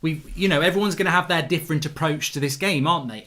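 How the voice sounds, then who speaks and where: A middle-aged man hosts a casual football fan stream, reading out viewers' comments and answering them in an animated, excitable way, swearing freely and often restarting his sentences. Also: fairly high pitch, fast talker, few pauses. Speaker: football fan channel host reading live chat.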